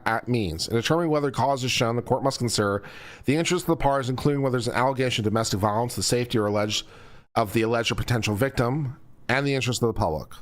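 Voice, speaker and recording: A man hosting a legal commentary stream, explaining rules to viewers over and over in a patient but mildly exasperated teaching manner. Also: mid-range voice.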